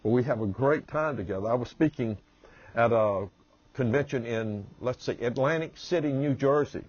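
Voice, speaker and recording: A man with a Southern US accent who talks slowly and easily as a humorist and motivational speaker, introducing himself with anecdotes. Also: medium pitch, a little mellow, husky, no room sound, lo-fi sound. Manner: slow, drawling delivery. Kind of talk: promotional self-introduction with anecdotes.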